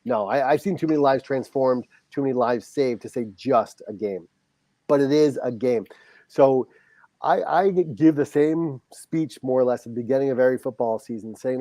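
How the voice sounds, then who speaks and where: Earnest middle-aged coach telling a story. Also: male voice, mid-range voice, normal speed, dark tone, no echo. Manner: earnest, heartfelt, reenacts dialogue. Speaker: high school football coach, guest. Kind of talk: podcast interview storytelling.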